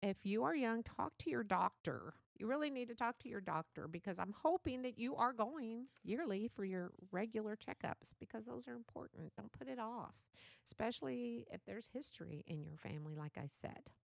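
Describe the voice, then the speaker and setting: A woman's voice: fairly high pitch, lively intonation, moderate pace, gravelly, no echo. An older woman hosting a solo podcast, chatty and motherly, laughing often as she talks. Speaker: podcast host. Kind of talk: casual solo podcast talk.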